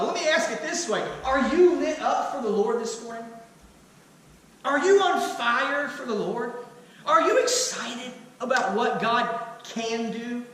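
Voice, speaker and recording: A man's voice: very high voice, expressive, measured pace, fairly bright tone. A man preaching a sermon as pastor, firing rhetorical questions with touches of humor. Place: church sanctuary. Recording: echoey hall, mic at a distance.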